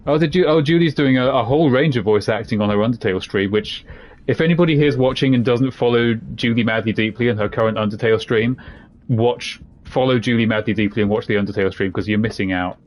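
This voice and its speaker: Speaking quickly at a medium pitch, a male game streamer rambles through jokey, casual commentary on the video game he's playing, drifting between asides.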